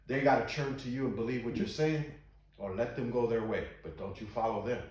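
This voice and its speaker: A man leads an informal Bible study in an earnest, conversational way, stopping to read scripture aloud with emphasis. His voice sits at an ordinary middle pitch. The recording is heavily echoey, as if in a bare room. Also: brisk, darkish tone.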